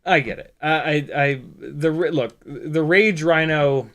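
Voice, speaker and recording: A man chats his way through a live stream in a loose, rambling manner. His voice sits a little on the high side, and he swears casually and jokes as he goes. He often stumbles and restarts his words. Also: measured pace, a bit bright, slight background noise. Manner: rambling, profane, jokey, stumbles over words.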